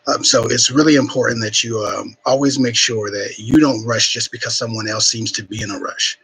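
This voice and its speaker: Husky bright-voiced guy on a home livestream, blunt dating advice, lots of ums, kinda sniffly. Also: mid-range voice, steady tone, a little fast, poor audio. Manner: frank, blunt, swears casually, many ums and restarts. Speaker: relationship advice livestream host. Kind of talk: casual live Q&A chat.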